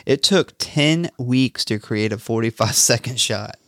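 A man with a mid-range, fairly bright voice co-hosts a casual podcast, speaking a little slowly as he recaps a movie and reads trivia. He's laid-back and laughs often, in a studio-quality recording with no echo.

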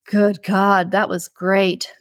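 A woman voicing a lonely, awkward working man at a bar who stammers, in her own slow reading voice. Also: mid-range voice, flat delivery, dry recording, studio quality, lightly acted. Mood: eager.

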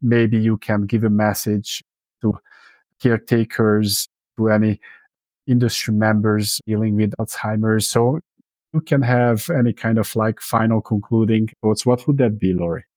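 A man hosting a podcast interview, speaking haltingly and searching for words. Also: on the low side, fairly even intonation, a little mellow, no room sound. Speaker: podcast host.

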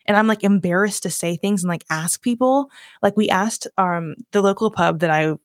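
Hosting her podcast solo, a Virginia woman in her twenties with a slight Southern accent speaks at a normal pace in a medium-pitched voice. She rambles casually and pokes fun at herself, using lots of fillers, and the studio sound is clean with no room noise.

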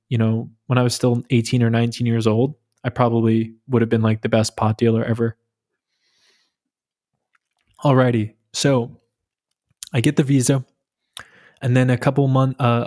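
A man in his thirties from New York with a New York accent, telling stories in a relaxed, joking way on his solo podcast. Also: mid-range voice. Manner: relaxed, joking, storytelling with fillers. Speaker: podcast host. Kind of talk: casual solo podcast monologue.

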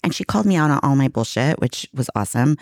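A woman's voice: very deep voice, animated, quick pace, a little mellow, no echo, studio quality. A middle-aged woman telling a candid personal story in casual conversation, emotional and full of restarts. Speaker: guest.

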